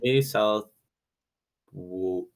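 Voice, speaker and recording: A man with a fairly low voice chats while he plays a tabletop game. He talks excitably and rambles, piling up fillers as he describes what his character saw. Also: extremely slow, slight background noise. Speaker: player. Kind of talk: casual chat while playing a tabletop game.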